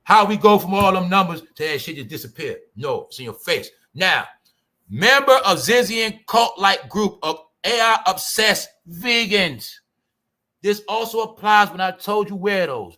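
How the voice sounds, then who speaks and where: A man with a fairly high, forceful voice rants at his audience in loose, profane commentary. He keeps firing rhetorical questions at the listener and talks down to them. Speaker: channel host. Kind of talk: ranting commentary to a live chat.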